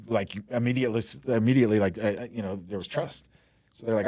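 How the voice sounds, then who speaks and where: A man's voice: lowish voice, fast, darkish tone, dry recording. A man in his forties from Denver, a mortgage lender guest telling stories in a rambling, casual way full of "like" and "you know". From Denver, USA. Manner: rambling, lots of "like" and "you know", laughs easily. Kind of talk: casual storytelling interview.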